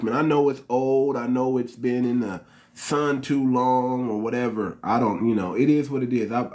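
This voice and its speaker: A man from the United States hosting his channel, talking straight to his viewers in an emphatic, slangy commentary that repeats its points. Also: medium pitch. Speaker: channel host. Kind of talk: unscripted commentary monologue.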